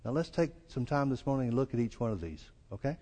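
A man with a Southern US accent preaches quickly in a dark voice with big pitch swings, his folksy sermon marked by quoted lines acted out at a rising pitch. There's a little hiss or hum alongside the long reverb of a church hall.

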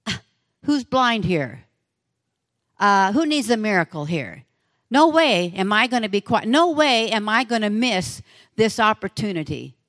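A woman's voice: mid-range voice, very animated, a little slow, a bit bright, no room sound, clean studio sound. A woman voicing a desperate blind beggar. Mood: defiant. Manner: crying out, pleading.

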